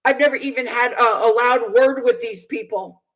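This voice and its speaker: A woman who preaches on video tells her own story as a personal testimony, in an earnest, indignant and halting way with many fillers and restarts. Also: on the high side, fairly even intonation, a bit bright, rough recording.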